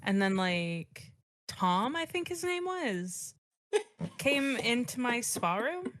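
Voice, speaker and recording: A woman's voice: fairly high pitch, very animated, slow pace, fairly bright tone, dry recording. A woman playing a tabletop game, talking in character in a brash, slangy valley-girl way. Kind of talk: in-character roleplay.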